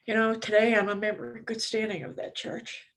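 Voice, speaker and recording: An older woman shares her personal testimony from a conference stage. She talks candidly and conversationally, often pausing on small fillers as she goes. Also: on the high side, flat delivery. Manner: candid, conversational, many "you know" fillers. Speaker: recovery speaker at a conference.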